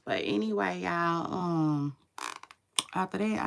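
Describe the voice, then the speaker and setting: A woman's voice: big pitch swings, extremely slow, gravelly, slight background noise. A woman in her forties with a smoky voice, chatting casually and sleepily to her viewers in a laid-back, slangy way. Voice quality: smoky low voice. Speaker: online commentator. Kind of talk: casual livestream chat to viewers.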